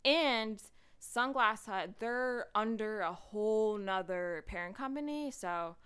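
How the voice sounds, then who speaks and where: A young woman hosting a podcast, chatting casually with lots of fillers and quick laughs. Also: mid-range voice, lively intonation, fairly bright tone, smooth. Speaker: podcast host. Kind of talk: casual chat.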